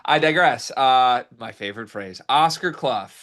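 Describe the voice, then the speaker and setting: Guy hosting a sports podcast, middle pitch, dry and skeptical. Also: lively intonation, measured pace, a bit bright. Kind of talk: casual sports chat.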